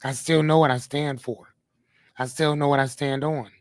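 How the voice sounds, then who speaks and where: A podcast host with a mid-range voice speaks at a moderate pace with little pitch movement, recorded dry in a clean studio. He rambles casually, often correcting himself and addressing his listeners in the chat.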